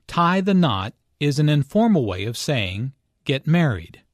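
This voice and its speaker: A man narrating an English lesson in a slow, deliberate, explanatory reading. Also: fairly high pitch, very animated, no echo, clean studio sound. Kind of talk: scripted language lesson narration.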